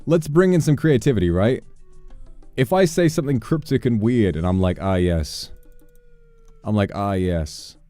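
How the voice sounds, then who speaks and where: Dark-voiced man ranting on a livestream. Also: mid-range voice, sing-song, a little fast, no echo, faint music behind. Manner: rambling, mock-exasperated rants with swearing. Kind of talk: casual livestream chat while gaming.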